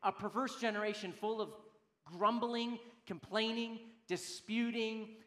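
A male pastor in his thirties preaching a sermon with a high, bright, ringing voice. He is emphatic, rising to loud declarations and then dropping to quiet, hushed asides. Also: fairly even intonation, a little slow.

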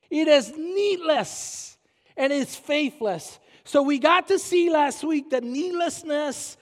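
A man with a Puerto Rican accent preaching a sermon as pastor, emphatic and repetitive, slowing down to stress his points. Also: extremely high pitch. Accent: Puerto Rican Spanish. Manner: emphatic, repeats phrases and slows down for stress. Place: church sanctuary. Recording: long reverb of a church hall.

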